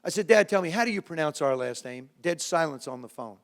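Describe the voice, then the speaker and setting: Older guy around 70 telling funny stories to a crowd, voice a bit high, lots of restarts. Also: fast, creaky. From New Jersey. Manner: lively anecdotes with self-mocking humor, frequent restarts. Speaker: former quarterback, guest speaker. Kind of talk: storytelling talk to a live audience.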